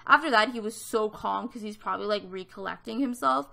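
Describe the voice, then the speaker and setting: A woman's voice: mid-range voice, fairly quick, gravelly, bright, forceful tone. A woman in her twenties from Canada, telling a story in casual chat over a gaming video, with lots of fillers. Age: 20s. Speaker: gaming vlogger.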